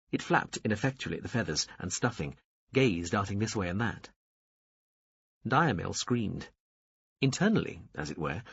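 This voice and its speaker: A man narrating an audiobook in an expressive storytelling style. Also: lowish voice, breathy edge, no room sound. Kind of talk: scripted narration. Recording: dull lo-fi dry recording.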